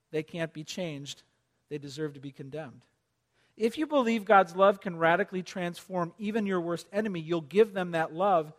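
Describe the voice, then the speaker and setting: A man preaching to his congregation in a high, light voice. He moves from loud, urgent appeals down to hushed, near-whispered lines, and he keeps asking his listeners question after question. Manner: asks the congregation repeated questions. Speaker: pastor. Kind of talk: sermon.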